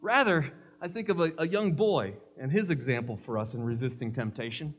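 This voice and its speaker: A man's voice: mid-range voice, animated, brisk, a little hiss or hum. A male pastor preaching a sermon, emphatic, mixing scripture with humorous stories.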